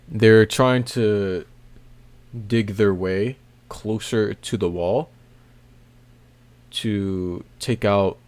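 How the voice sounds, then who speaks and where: A man casually recapping a comic chapter, rambling with many fillers and soft laughs. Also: deep voice. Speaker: manga recap video host.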